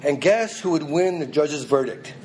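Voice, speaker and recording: A man's voice: on the high side, lively intonation, normal speed, darkish tone, slight background noise, rough recording. A man preaching a sermon, reading scripture aloud and then pressing it on his listeners in an earnest, emphatic way.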